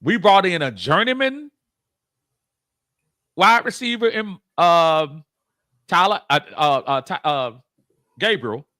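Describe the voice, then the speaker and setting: A man co-hosting a casual sports talk show, halting and repeating his words as he argues a point. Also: high voice, lively intonation, bright, forceful tone. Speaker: co-host.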